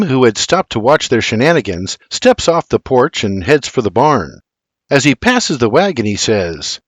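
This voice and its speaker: An older man narrating an audiobook with expressive storytelling on a close studio mic. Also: medium pitch, dry recording.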